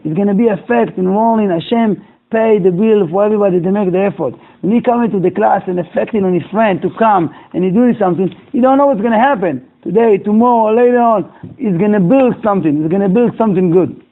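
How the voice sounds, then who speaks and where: A man's voice: high-pitched, quick pace. A rabbi telling a moral story to his class in broken English, acting out each character's lines. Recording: tinny, phone-like lo-fi recording.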